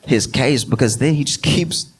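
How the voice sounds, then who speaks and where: A male stand-up comedian telling a story on stage in an animated, conversational, self-deprecating way. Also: mid-range voice, moderate pace, husky. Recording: live room with loud audience. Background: audience laughter.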